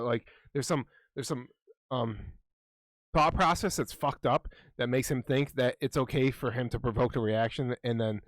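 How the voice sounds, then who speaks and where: A man's voice: mid-range voice, no echo. A young man co-hosting a podcast in casual chat, rambling and profane, often laughing while he retells stories. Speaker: podcast co-host.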